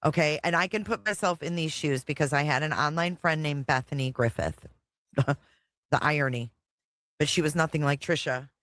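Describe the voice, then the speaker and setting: A woman's voice: low voice, moderate pace, a bit bright, dry recording. Give me a blunt, profane woman host doing reaction commentary, with a dry close sound.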